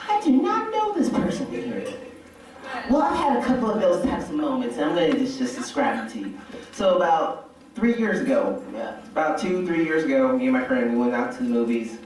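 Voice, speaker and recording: A man doing stand-up comedy, telling animated stories and shouting profane impressions of a friend. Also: medium pitch. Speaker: stand-up comic. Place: hotel convention ballroom. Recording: echoey hotel ballroom from far off.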